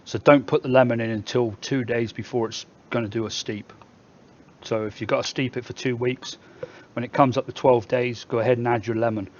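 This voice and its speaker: A man's voice: mid-range voice, steady tone, a little fast, highs cut off. A man with a Somerset English accent, hosting a casual live stream where he reads viewer comments aloud and jokes back at them. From England.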